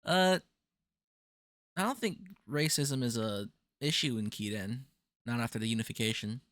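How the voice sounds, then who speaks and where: A man's voice: mid-range voice, normal speed, no room sound. A man running a casual tabletop session zero as game master, joking with his players and reading out setting lore. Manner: relaxed, joking, reads lore aloud.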